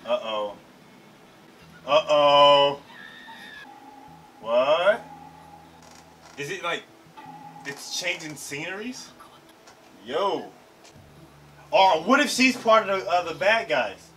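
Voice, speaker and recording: A man hosting an anime reaction video, talking in an excitable, slangy way and swearing freely. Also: fairly high pitch, very slow, pauses often, slight background noise. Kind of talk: casual reaction commentary. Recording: slightly distant mic, faint show audio.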